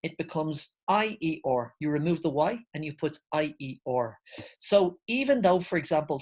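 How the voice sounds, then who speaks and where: A woman's voice: sits low, husky. A woman teaching English grammar, explaining patiently, spelling words out and checking in with "okay?".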